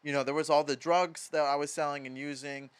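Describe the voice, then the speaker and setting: A high-leaning, clear and resonant voice belongs to a young man from Madison, Wisconsin, in his twenties. As a podcast guest he tells casual stories at a fairly quick clip, animated, profane and loaded with "like."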